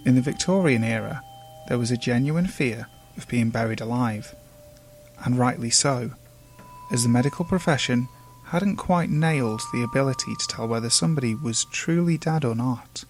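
A man narrating urban legends in a measured, hushed, ominous way. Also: medium pitch, slight background noise. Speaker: storyteller. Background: faint music.

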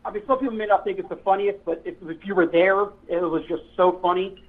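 A man's voice: high-pitched, steady tone, fast. A man, a former police officer, telling old patrol stories in casual chat, rambling and correcting himself as he goes. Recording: tinny phone-like line.

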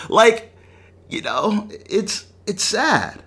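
A man's voice: on the high side, moderate pace. A young man hosting a sports talk show, telling an emotional story and acting out the quotes. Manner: animated storytelling, acts out quotes.

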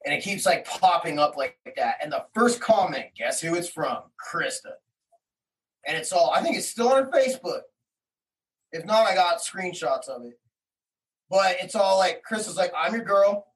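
A man's voice: fairly high pitch, expressive, moderate pace, fairly bright tone. A man telling a personal story in an interview, in rambling, slangy, heated talk full of quoted exchanges. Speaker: interview guest. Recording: voice somewhat distant from the mic.

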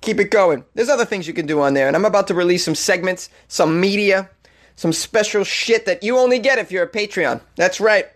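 A man's voice: high voice, brisk. A young man with a Boston accent, hosting a comedy podcast and making a playful, self-mocking announcement. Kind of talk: casual announcement.

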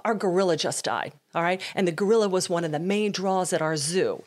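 A woman's voice: lowish voice, fairly quick, pitched below the performer's own voice, lightly acted. A woman voicing a blunt, straight-talking male zookeeper in a joke she tells.

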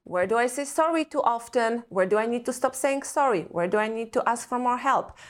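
A woman with an Eastern European accent appears as a guest expert on parenting and trauma in a podcast conversation. Her voice is on the high side, animated and a little fast, and she speaks earnestly and reflectively through a string of rhetorical questions.

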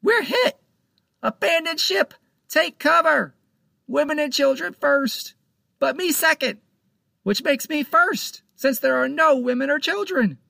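A man voicing a nervous, cowardly young sailor with a high, panicky voice, in a storybook reading. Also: expressive, a little slow, gravelly, bright, forceful tone, no room sound, clean studio sound, exaggerated voice. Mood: panicked. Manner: shrill panicky.

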